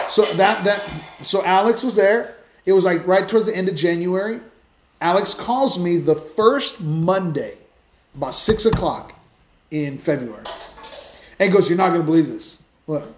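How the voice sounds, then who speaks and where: A man hosting a Christian podcast, telling stories in a lively, casual way with many restarts. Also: sits high, unhurried, echoey room, slight background noise. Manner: animated storytelling with many restarts. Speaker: podcast host, Christian speaker. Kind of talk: casual faith talk.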